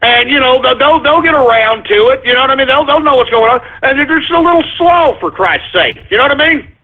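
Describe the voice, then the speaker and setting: A man's voice: very high-pitched, expressive, fast, slightly rough. A man hosting a talk radio show, ranting in an abrasive, confrontational way. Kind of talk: call-in radio rant. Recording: tinny phone-like lo-fi audio.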